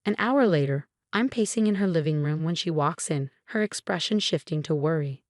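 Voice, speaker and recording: A woman narrating a first-person drama story, reading every voice in one steady tone. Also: low voice, normal speed, dry recording, clean studio sound.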